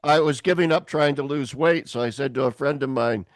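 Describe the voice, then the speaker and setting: A man hosting a podcast over a video call, telling animated stories, acting out voices and laughing often. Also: mid-range voice, fairly quick, no room sound, studio quality. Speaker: podcast host. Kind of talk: casual chat on a video call.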